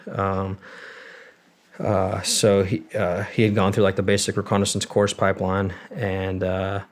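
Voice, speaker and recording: A young man with a somewhat low voice, talking as a guest on a long-form interview show. He tells his story candidly and loosely, full of "like" and "um," with casual swearing. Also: completely flat delivery, a little slow. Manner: rambling and candid, with fillers and swearing. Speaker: guest, former Marine.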